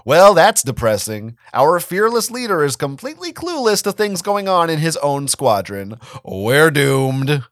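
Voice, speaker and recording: Man doing a sarcastic teen boy, teasing, lively bouncing voice, higher pitch, dry close sound. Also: measured pace, hardly any pauses, no echo. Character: wisecracking teenage boy, sardonic joker. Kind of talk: dramatic fan-fiction reading.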